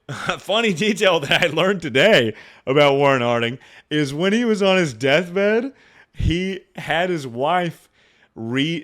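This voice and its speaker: A man's voice: mid-range voice, a bit bright. Rambling, swearing young streamer guy. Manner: rambling, profane, jokey, often slips into impressions. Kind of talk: casual livestream commentary.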